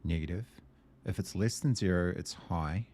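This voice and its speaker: A man hosting a gameplay video, thinking aloud and muttering to himself as he works through a puzzle game, hesitant and easily excited. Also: low-pitched, normal speed, slight background noise.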